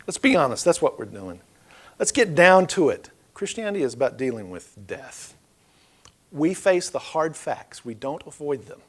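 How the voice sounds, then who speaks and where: A man's voice: on the high side, big pitch swings, normal speed, husky. Folksy preacher, middle-aged man. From Oklahoma. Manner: loose, storytelling, rises and drops in loudness. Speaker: pastor. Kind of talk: conversational sermon. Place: church.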